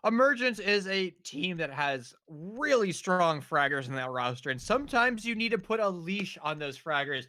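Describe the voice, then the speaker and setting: Male esports color caster, high voice, bright and sharp, breaks down tactics. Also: very animated, moderate pace, few pauses, no room sound. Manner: analytical, explaining tactics.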